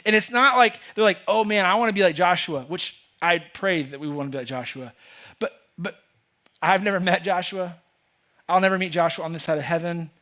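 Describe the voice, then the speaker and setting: The voice is high-pitched, pushed and bright, at a normal speed: a pastor preaching a sermon in the church sanctuary. Addressing his congregation earnestly and emphatically, he repeats words and restarts often while building up a point.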